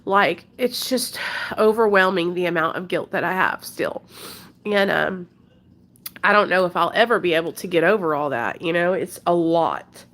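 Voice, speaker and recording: Speaking at a moderate pace, this woman has a fairly low pitch yet a fairly bright tone. In her forties, she vlogs a candid, emotional confession to viewers, earnest and rambling, with frequent fillers.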